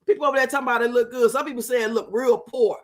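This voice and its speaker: A young woman hosting a live stream, chatting loudly and profanely, teasing and laughing as she reads out viewers' comments. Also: a little high, steady tone, very fast. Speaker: livestream host. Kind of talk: casual live-stream chat reacting to a reality show.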